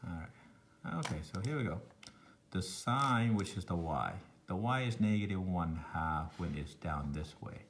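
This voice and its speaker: Deep-voiced math teacher with thick Lao accent. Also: male voice, background noise. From Laos. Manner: thinking aloud, meandering, self-deprecating asides. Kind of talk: recorded online math lesson.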